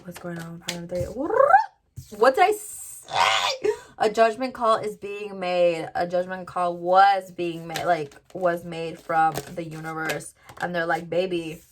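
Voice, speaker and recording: A woman's voice: fairly low pitch, animated, a little slow, background noise. A woman giving a casual tarot reading to viewers, chatty and full of "like" fillers. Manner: chatty, lots of "like" fillers, addresses viewers directly. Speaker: tarot reader.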